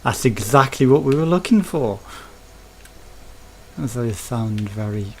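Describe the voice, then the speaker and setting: A man's voice: mid-range voice, expressive, measured pace, darkish tone, slight background noise, poor audio. A man with a Birmingham accent giving chatty, rambling commentary while playing a video game. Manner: rambling, chatty, thinking aloud. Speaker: let's play host. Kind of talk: casual gameplay commentary.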